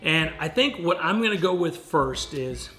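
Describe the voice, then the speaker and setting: A man's voice: a little high, lively intonation, moderate pace, sharp tone, faint music behind. A man coaching fitness in a casual home vlog, upbeat and talking straight to the viewers. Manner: upbeat, coaching, keeps calling viewers guys. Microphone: camera set up nearby.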